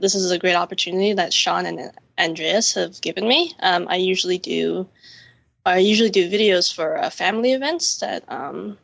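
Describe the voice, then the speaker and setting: Young Canadian female guest, nervous and halting, vocal fry, dry sound. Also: on the low side, fairly bright tone, dry recording. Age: young adult. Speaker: podcast guest. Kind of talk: casual chat.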